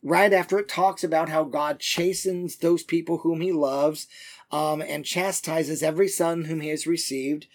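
A man teaching verse by verse through a Bible book, talking conversationally with many fillers and reading the passages slowly. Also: on the high side, fairly even intonation. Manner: reads scripture passages slowly and deliberately.

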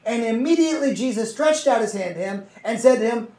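A Bible teacher with a mid-range, somewhat mellow voice reads scripture aloud and explains it conversationally, speaking expressively and fairly quickly. He often checks in with listeners using tag questions. The recording sounds roomy, with the mic set far from him.

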